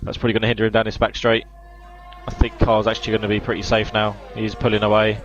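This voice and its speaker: A young man co-commentating a sim race live, chatty and quick, laughing easily. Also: on the low side, monotone. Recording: dull lo-fi mic with faint music.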